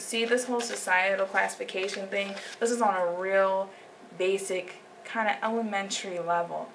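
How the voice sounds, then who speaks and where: Young woman, casual vlog delivery, animated with whispered asides, slight vocal fry. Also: medium pitch, moderate pace. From United States. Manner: animated, drops into whispered asides and acted quotes. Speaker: vlogger. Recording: distant mic with faint background noise.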